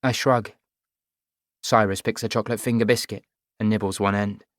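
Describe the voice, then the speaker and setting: A man narrating a first-person audiobook in a measured, even storytelling voice. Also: lowish voice, no room sound, studio quality.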